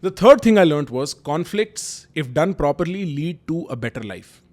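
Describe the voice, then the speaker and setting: A young YouTube host with an Indian English accent tells personal stories to the camera, candid and emphatic, dropping in Hindi kinship words and slang. His voice sits on the high side and is animated, with a darkish tone, at a normal speed.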